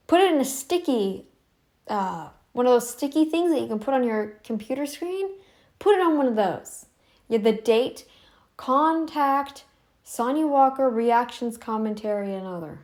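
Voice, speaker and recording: Woman ranting at home, kinda high voice, keeps repeating herself and restarting. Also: a little mellow. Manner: confrontational, repeats demands, many restarts. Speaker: YouTube commentary channel host. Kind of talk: casual direct-to-camera monologue. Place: home room, not in frame.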